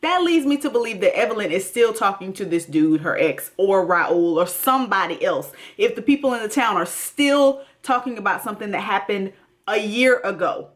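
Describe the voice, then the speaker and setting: A woman's voice: mid-range voice, lively intonation, moderate pace. A woman hosting a TV recap, talking in a blunt, emphatic way straight to her viewers. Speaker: TV recap host. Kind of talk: casual commentary.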